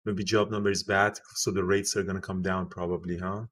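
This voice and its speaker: A man hosting a live trading show, giving excitable market commentary and thinking aloud. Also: low-pitched, fairly quick.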